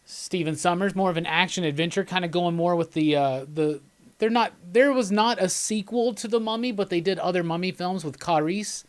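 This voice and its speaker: A man's voice: high voice, normal speed, clear, resonant tone. A man hosting a live commentary, talking casually and enthusiastically, rambling and laughing as he chats with viewers. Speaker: host of live movie commentary.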